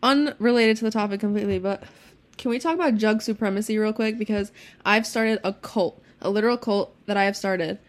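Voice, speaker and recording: A teenage girl chatting casually as a podcast co-host, telling stories quickly with lots of swearing and laughter. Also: mid-range voice. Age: teens. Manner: fast, profane storytelling with laughs. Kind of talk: casual chat.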